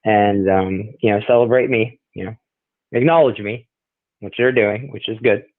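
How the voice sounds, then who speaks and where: A man co-hosting a wrestling podcast, chatting casually with deadpan, self-important jokes, heard through a tinny phone-like sound. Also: on the low side, normal speed, no room sound. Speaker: podcast co-host. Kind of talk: casual chat.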